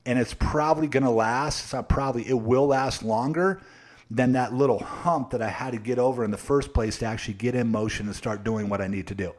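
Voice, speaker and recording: Man, sales coach, motivational talk, emphatic, repetitive, talks directly to viewers, mid-range pitch. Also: a little fast. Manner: emphatic and repetitive, with frequent tag questions. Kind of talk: motivational live-stream talk.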